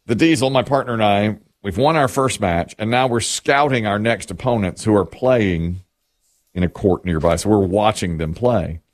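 In a fairly low voice at normal speed, a man shares a humorous anecdote as a co-host during a relaxed storytelling chat. He brings it to life by performing what others said, laughing often as he goes.

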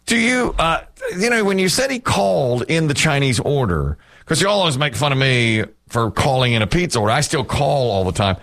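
A man's voice: mid-range voice, a little fast, vocal fry, hardly any pauses. A man co-hosting a casual chat, telling stories and laughing often. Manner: animated storyteller, laughs often.

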